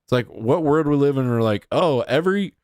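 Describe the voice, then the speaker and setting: A man's voice: mid-range voice, a little fast, warm tone, clean tone, dry recording, clean studio sound. A man hosting a loose news commentary stream, reacting to clips as they play. He talks casually with a sarcastic, mocking edge and a lot of jokes. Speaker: host.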